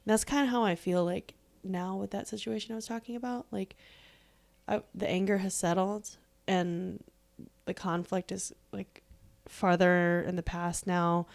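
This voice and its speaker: A woman's voice: medium pitch, fairly even intonation, normal speed, creaky. Chatty woman podcast co-host. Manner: chatty storytelling, laughs often. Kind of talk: casual faith podcast chat.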